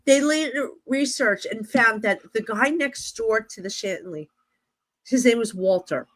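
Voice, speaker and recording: A woman with a New Jersey accent, a guest psychic medium telling stories in a lively conversational way with many fillers. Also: on the high side, measured pace. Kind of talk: animated storytelling in conversation.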